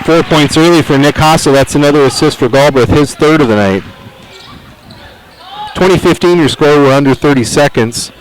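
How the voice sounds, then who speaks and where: A man with a Midwestern American accent calling a high school basketball game play-by-play, briskly following each play. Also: rough recording. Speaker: play-by-play announcer. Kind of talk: live basketball commentary. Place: high school gym at an armory.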